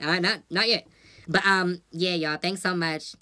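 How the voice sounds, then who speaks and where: A woman's voice: lowish voice, steady tone, a little fast, sharp tone. A woman vlogger venting casually to her viewers, blunt and profane, telling stories with lots of animation.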